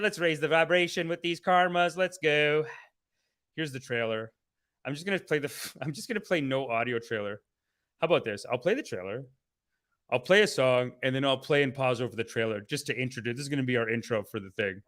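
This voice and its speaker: A man hosting a casual live stream, rambling and swearing excitably, often laughing mid-sentence. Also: medium pitch, brisk. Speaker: host.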